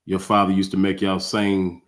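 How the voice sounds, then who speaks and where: A man with a somewhat low voice hosts a casual livestream. He reads out donations and asks his guest questions, stopping and restarting as he goes. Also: monotone, moderate pace. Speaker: host reading donations.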